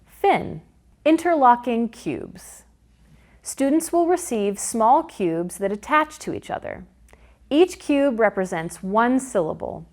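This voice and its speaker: A woman narrating a phonics lesson for teachers in a slow, clear way, sounding out words syllable by syllable. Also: fairly high pitch, sing-song, a little mellow. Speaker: teacher trainer. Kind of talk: instructional narration.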